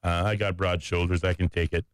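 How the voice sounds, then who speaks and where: A man hosting a radio talk show, chatty and joking about himself. His voice is low and smooth. The studio sound is dry and close. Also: little pitch movement, a little fast, dry recording. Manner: chatty, joking and self-mocking.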